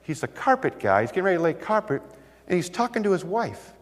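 A man preaching a sermon, telling stories with lively delivery and acting out the voices of the people in them. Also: sits high, fast. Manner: animated storytelling, acts out voices. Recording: long hall reverb.

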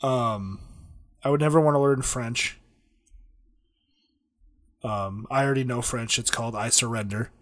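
A man in loose, casual conversation, wandering through his thoughts with plenty of ums and restarts and cracking dry jokes. His voice sits at an ordinary middle pitch, recorded close and dry with no room sound. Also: unhurried, pauses often, fairly bright tone, no room sound. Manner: rambling, jokey, many fillers and restarts. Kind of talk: casual chat.

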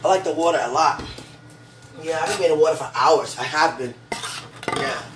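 A woman's voice: sits low, normal speed. A woman talking casually and gushingly to her partner at home, rambling with many "you know"s and fervent religious asides. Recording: echoey room, far from the mic, steady background noise.

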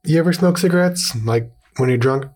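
A man's voice: on the high side, fairly quick, a little mellow. A young adult man co-hosting a comedy podcast, chatting bluntly and with disbelief. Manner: incredulous, blunt, rambling. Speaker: podcast co-host. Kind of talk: casual comedic podcast chat.

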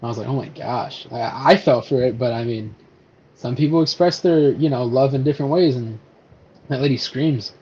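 A man co-hosting a casual podcast, chatting about movies in a loose, animated way. He laughs easily and swears offhand. The audio is a bit dull and lo-fi. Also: medium pitch, normal speed, slightly rough. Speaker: podcast co-host. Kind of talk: casual podcast chat about superhero films.

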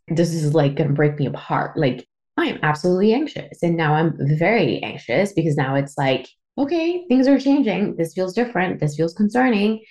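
Woman, 30s, from Canada, podcast host, lower voice, raw candid storytelling with swearing and fillers. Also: a little mellow. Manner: emotional, swearing, lots of fillers. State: tearful at times.

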